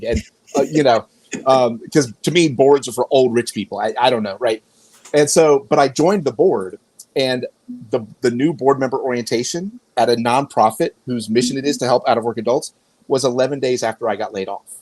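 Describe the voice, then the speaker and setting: A man's voice: mid-range voice, fairly quick, darkish tone, rough recording. A man talking as a podcast guest, telling stories in a rambling way and often restarting his sentences. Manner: rambling, self-correcting storyteller. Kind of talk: casual conversation.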